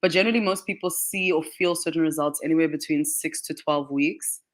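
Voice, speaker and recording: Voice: mid-range voice, fairly even intonation, a little fast. A radio guest explaining skincare in a chatty way, with many "like" fillers and frequent laughs. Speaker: guest, skincare brand marketing manager. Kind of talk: radio interview answers. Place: radio studio.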